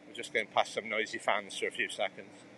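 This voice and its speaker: A man's voice: fairly low pitch, level tone, fairly quick, sharp tone. Man chatting on a walk. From England. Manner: rambling, chatty, answers viewers' comments; talks while walking. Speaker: livestreamer. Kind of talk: casual walking livestream chat. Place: outdoors on a cycle path beside a road. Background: passing traffic.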